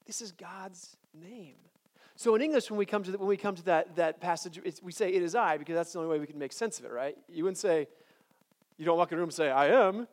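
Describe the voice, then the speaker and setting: A man's voice: high voice, fast. A man giving a chapel sermon, talking conversationally with frequent restarts and then building to emphatic declarations. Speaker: chapel speaker.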